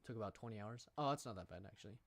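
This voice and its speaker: A man's voice: on the low side, rapid-fire, creaky, fairly bright tone, dry recording. A young American man streaming from home, chatting casually with viewers in a playful, rambling way and reading the chat aloud. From United States. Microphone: studio microphone.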